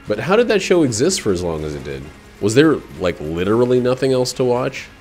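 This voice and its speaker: A man casually commenting while he streams a video game, rambling, joking and breaking into excited outbursts. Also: medium pitch, a little fast, soft background music. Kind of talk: casual let's-play commentary.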